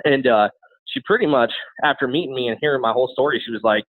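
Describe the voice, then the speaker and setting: A man candidly telling his own life story as an interview guest, talking rapidly with frequent restarts and repeated words. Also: mid-range voice, no room sound. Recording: tinny phone-like sound, dry.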